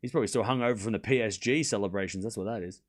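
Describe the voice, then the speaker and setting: Speaking very fast in a lowish voice, a young man runs a live tennis watchalong stream. His commentary swings between play-by-play and chatty, joking side remarks.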